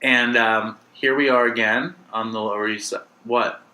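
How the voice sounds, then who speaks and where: A man's voice: medium pitch, steady tone, moderate pace, pushed and bright, low-quality recording. A man co-hosting a podcast, in loose, profane banter, teasing and mocking his co-host.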